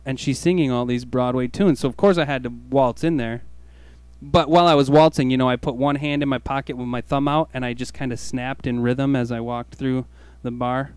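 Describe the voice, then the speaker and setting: A man's voice: mid-range voice, moderate pace, clear, resonant tone, no echo. A man hosting a radio show, telling a jokey, self-mocking story in a laid-back way. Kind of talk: comic storytelling monologue.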